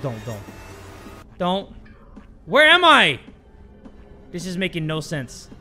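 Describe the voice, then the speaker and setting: A man hosting horror game commentary, excitable and swearing, jumping between mutters and sudden yelps. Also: fairly high pitch. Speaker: gaming video host.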